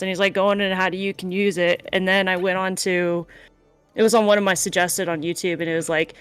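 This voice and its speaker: A woman's voice: medium pitch, fairly even intonation, a little fast, smooth, no echo, soft background music. A woman chatting casually on a voice call, telling a story in a chatty way.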